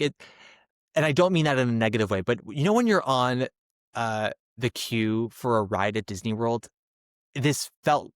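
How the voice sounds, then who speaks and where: A man hosting a podcast, giving a casual, animated solo review with chatty asides. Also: mid-range voice, dry recording, studio quality. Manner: chatty and animated, slips into mocking impressions. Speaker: podcast host, theater reviewer.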